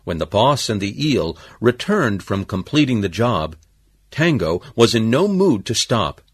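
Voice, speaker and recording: Husky guy reading a story slow, voice swinging up and down a lot, dry sound. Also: on the low side, sing-song, no echo. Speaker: narrator. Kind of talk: storybook narration.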